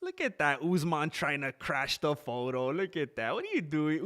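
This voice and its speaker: A man hosting a live stream, reacting to a fight broadcast in a chatty, excitable, joking way and talking straight to his viewers. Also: fairly high pitch, moderate pace, few pauses. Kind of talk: casual live-stream commentary.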